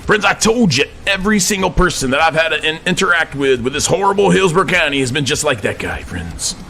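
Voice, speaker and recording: A man's voice: on the high side, expressive, fairly quick, pushed and bright, faint music behind. A man, ranting to camera from his office in the persona of a command sergeant major, preachy and stammering when worked up. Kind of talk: impassioned rant to camera.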